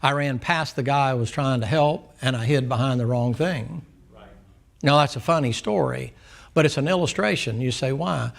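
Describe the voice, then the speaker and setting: A man's voice: mid-range voice, normal speed, creaky. A man preaching a Sunday school sermon in a folksy storytelling way, often asking the class questions.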